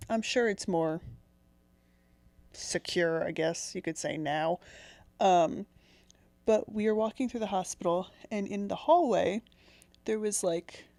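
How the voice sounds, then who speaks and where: A woman's voice: medium pitch, dark tone, no echo. A young woman podcast co-host telling a long personal story in casual chat, chatty and giggly.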